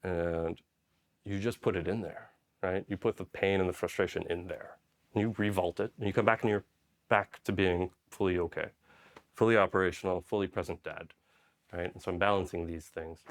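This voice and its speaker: A man's voice: low-pitched, steady tone, moderate pace. A man from Poland, a Special Forces medic, telling stories casually in an interview, rambling with lots of "like" and "right?".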